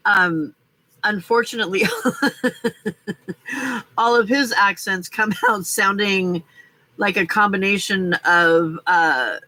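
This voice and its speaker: A woman hosting a casual live crafting stream, chatty and quick to laugh as she reads out viewer comments. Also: medium pitch, sharp tone, rough recording.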